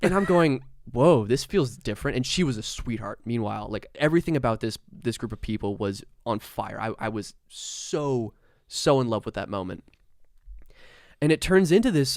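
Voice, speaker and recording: A man who is a musician, telling stories on a podcast, animated and swearing, often acting out what people said. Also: medium pitch, clear, resonant tone, dry recording, clean studio sound. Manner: animated, swearing, acts out quotes. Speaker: musician guest. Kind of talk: casual podcast storytelling. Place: studio.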